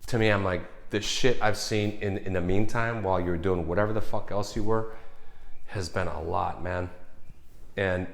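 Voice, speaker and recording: A man's voice: lowish voice, fairly bright tone. A man in his forties telling a story in a casual vlog monologue, rambling and cursing with many restarts. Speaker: vlogger.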